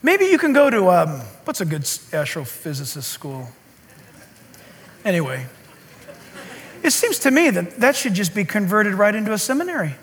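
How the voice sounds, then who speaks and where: A preacher with a very high, bright voice delivers a lively sermon. He jokes and makes sarcastic asides, and his pitch leaps around as he talks. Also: moderate pace. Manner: animated and joking, sarcastic asides. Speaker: pastor.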